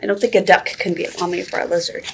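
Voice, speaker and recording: A woman's voice: on the low side, flat delivery, very fast, vocal fry, husky. A woman librarian reading a picture book aloud at a toddler story time, sing-song and asking the children questions.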